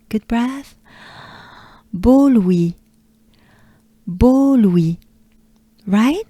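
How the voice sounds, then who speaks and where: A woman from France with a French accent, patiently coaching pronunciation and repeating words slowly with soft breathy asides. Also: medium pitch, expressive, dry recording. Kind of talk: slow pronunciation lesson.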